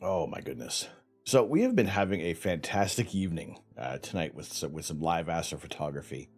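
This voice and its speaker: Deep and sing-song, a man's fairly quick voice carries over faint background music as he hosts a live stream. It's casual, rambling talk from his home setup during night imaging, with frequent sighs and a numb tongue and lips.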